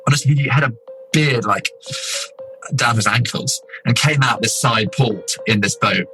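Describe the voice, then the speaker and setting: A man, an explorer telling an expedition story with animated asides and many fillers. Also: mid-range voice, normal speed, soft background music, low-quality recording. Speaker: explorer guest. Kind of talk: casual storytelling.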